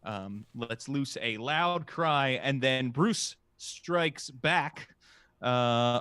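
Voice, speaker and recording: A man narrating a tabletop game as game master, halting and full of filler sounds. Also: medium pitch, pushed and bright, smooth, no room sound.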